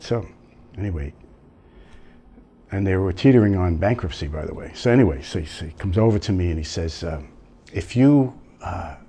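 Low-voiced man rambling through a joke. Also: dark tone, a little hiss or hum. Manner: rambling, full of fillers and tag questions. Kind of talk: telling a joke as a story.

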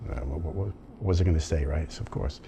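A low-voiced man telling a long joke, padding it with "you know" and "right?" as he goes. Faint noise sits behind his voice. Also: quick pace, dark tone. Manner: rambling, full of fillers and tag questions.

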